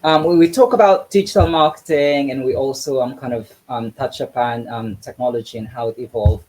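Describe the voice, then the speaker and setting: A man's voice: medium pitch, fairly quick, darkish tone, rough recording. Hesitant male interview host. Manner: hesitant, lots of ums. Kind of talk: interview questions.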